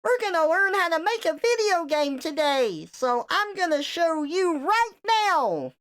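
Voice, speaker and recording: A woman's voice: very high voice, very animated, unhurried, voice pushed up, exaggerated voice. A woman putting on the voice of an overexcited, cheery female tutorial presenter, gushing and sing-song.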